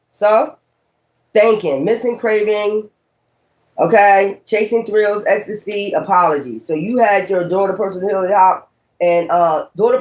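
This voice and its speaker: A man's voice: high voice, a little mellow. A man doing a casual tarot reading, talking in a blunt, profane, rambling and preachy way. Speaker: tarot reader.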